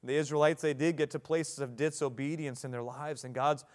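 A man's voice: a little high, fairly even intonation, fairly quick. A man in his thirties, a pastor preaching a sermon with rising emphasis and repeated phrases.

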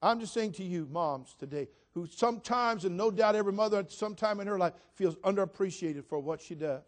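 A man's voice: high voice, fairly quick. Emphatic male pastor preaching. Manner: emphatic, repeats phrases, direct questions to the congregation. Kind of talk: sermon.

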